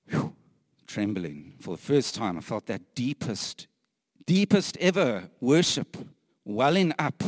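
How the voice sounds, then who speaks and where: Earnest man preaching, very slow. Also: mid-range voice, expressive, no echo, studio quality, big-room sound. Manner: earnest, emphatic, drops to hushed whispers for awe; repeats phrases, laughs lightly between points. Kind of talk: sermon.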